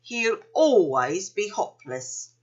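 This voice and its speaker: A woman's voice: medium pitch, big pitch swings, takes it slowly, highs cut off. A woman voicing an anxious, caring mother kangaroo in a storybook reading. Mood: fretful. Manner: fretful, earnest.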